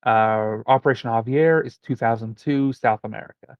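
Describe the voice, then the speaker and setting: A man's voice: medium pitch, moderate pace, no room sound, lo-fi sound. A man co-hosting a podcast, talking casually and rambling as he looks things up mid-conversation. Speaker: podcast co-host. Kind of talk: casual chat.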